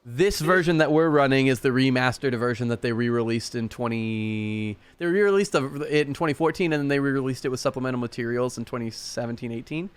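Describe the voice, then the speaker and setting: Man, game master, rambling casual explainer, smooth resonant voice, average pitch. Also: fast. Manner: long, rambling explanations with many fillers. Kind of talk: casual out-of-game table chat. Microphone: streaming mic.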